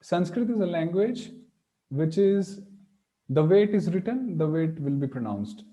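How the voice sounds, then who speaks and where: A man teaching a pronunciation lesson, slowly demonstrating sounds and repeating syllables. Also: high voice, lively intonation, dark tone. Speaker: Sanskrit teacher.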